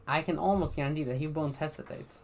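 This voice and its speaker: Brief: rambling, swearing vlogger from Sweden, mid-pitched, soft keyboard typing behind. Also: fast talker, gravelly, background noise. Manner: rambling, blunt, profane. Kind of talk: casual commentary.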